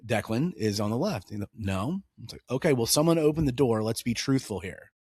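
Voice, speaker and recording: Clean studio sound and a dry recording capture a mid-range male voice with a breathy edge, speaking fairly quickly. He's a thirty-something co-host of a laid-back political podcast, animatedly telling stories and performing the dialogue.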